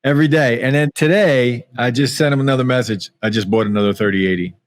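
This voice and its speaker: A man chatting casually as a podcast guest, laid-back and quick to laugh. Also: mid-range voice. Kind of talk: casual chat.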